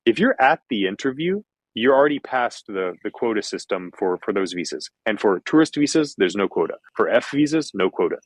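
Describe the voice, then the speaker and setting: A man with a General American accent, low and dry, answers interview questions as a former visa officer. His tone is explanatory and reassuring, and he often circles back to restate a point. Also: big pitch swings, fairly quick, no room sound, rough recording. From Kentucky, USA.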